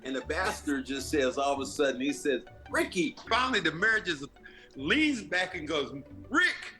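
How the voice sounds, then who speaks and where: A former basketball player telling a favorite anecdote in an excitable way. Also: male voice, fairly high pitch, moderate pace, faint music behind. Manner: lively, excitable. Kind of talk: storytelling anecdote.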